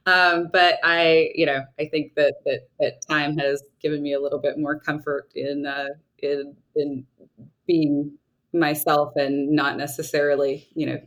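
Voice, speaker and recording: Female trial lawyer, 30s, Southern-raised, low voice, earnest thinking-aloud interview delivery. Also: level tone, a little slow, fairly bright tone, rough recording. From Southern United States. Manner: thoughtful, earnest, with frequent restarts. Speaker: trial lawyer, podcast guest. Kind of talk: reflective conversational interview answers.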